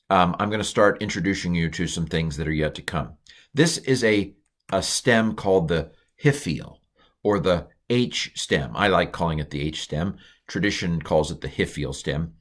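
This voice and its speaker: A man teaching a casual recorded lesson, thinking aloud with fillers and restarts, slowing down to sound out foreign words. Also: sits low. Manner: slows and stretches words when pronouncing Hebrew. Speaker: Hebrew teacher. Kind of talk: informal recorded language lesson.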